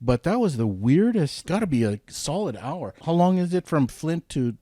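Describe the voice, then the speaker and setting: A male trucker telling a road story in casual chat, animated and rising sharply in pitch when excited. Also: normal speed, no echo, studio quality. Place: studio table.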